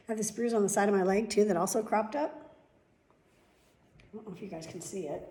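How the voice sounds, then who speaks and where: A middle-aged woman talks straight to her audience in a loose, rambling daily vlog, hopping from one thing to the next. Her voice is warm and mellow, sitting at an ordinary pitch for a woman. She is candid and chatty, with the occasional casual swear. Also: brisk, long pauses. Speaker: vlogger.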